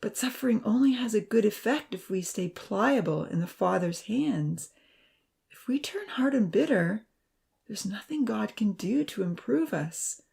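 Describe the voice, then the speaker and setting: A woman voicing an earnest, gentle young male assistant who pleads softly in a storybook reading. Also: mid-range voice, lively intonation, unhurried, creaky, pitched above the performer's own voice. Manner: pleading, soft-spoken.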